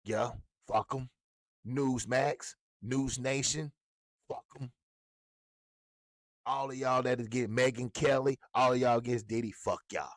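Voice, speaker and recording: A man's voice: mid-range voice, fairly even intonation, measured pace, pauses often, no echo. A man ranting as a hip hop blogger, heated and profane, repeating himself for emphasis. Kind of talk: ranting commentary.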